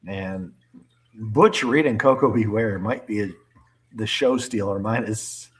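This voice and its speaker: A man's voice: lowish voice, a little slow. A man co-hosting a wrestling podcast in casual chat, trading wry, teasing banter. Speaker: podcast co-host.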